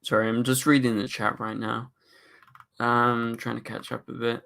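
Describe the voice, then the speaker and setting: A man's voice: medium pitch, flat delivery, normal speed, vocal fry, bright, forceful tone. A young man hosting a casual livestream, reading chat questions aloud and rambling through his answers with plenty of fillers. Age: young adult. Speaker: livestream host.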